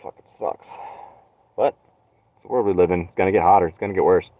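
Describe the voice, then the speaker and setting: Young male streamer, lowish voice, dry sarcastic ramble with swearing, thin phone-line sound. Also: fairly even intonation, quick pace, dry recording. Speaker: live streamer. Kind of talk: rambling solo live stream. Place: inside a van.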